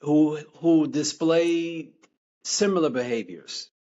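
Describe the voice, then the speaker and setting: A man being interviewed as an author, talking in a measured, reflective way with many "you know" asides. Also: on the high side, warm tone, highs cut off. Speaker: guest author.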